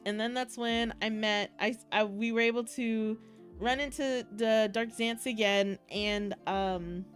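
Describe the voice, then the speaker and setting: A woman's voice: a little high, steady tone, unhurried, faint music behind. A young woman streaming casually to her chat, recounting a meetup in an emotional, rambling way, often close to tears and laughing. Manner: emotional, giggly, tearful, rambling with restarts.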